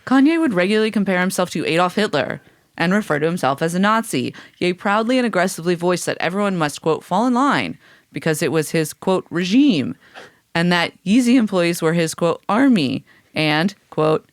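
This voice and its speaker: A woman co-hosts a podcast in wry, casual talk, reading passages aloud and swearing freely. Her pitch moves a lot, with mock-shocked peaks. The sound is dry and close. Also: lively intonation, a little fast, clean tone, dry recording. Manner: wry, sardonic, swearing, reads out documents. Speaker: podcast co-host. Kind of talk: casual chat.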